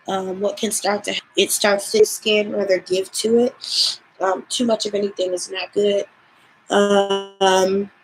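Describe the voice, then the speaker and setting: A young woman talks in a relaxed, chatty way about her skincare routine, and she sounds tired and sleepy from the late hour. Her pitch is mid-range and plain, and she fills her pauses with "um" as she goes. A faint hum of room noise sits behind her. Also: rough recording. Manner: relaxed and chatty, with many "um" fillers, and sometimes yawning. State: tired and yawning, late at night. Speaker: beauty vlogger. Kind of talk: casual live skincare chat.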